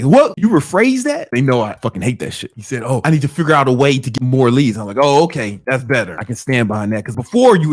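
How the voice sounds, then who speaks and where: A man's voice: mid-range voice, no echo, studio quality. A young man giving blunt, profane motivational advice in casual talk, mocking whiny talk. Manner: blunt, profane, animated, mocking quoted whiners.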